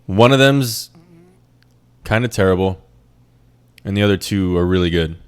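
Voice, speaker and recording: A man's voice: low-pitched, normal speed, clean tone. A young man from a Puerto Rican family raised in New York, ranting in a rambling, profane, joking way as a podcast host. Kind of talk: casual monologue.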